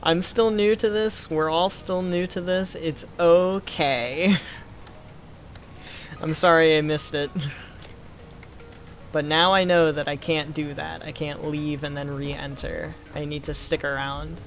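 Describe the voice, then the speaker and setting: A young man chatting casually with his live-stream chat, reacting with quick excited outbursts. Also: fairly high pitch, slight background noise. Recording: game music playing behind.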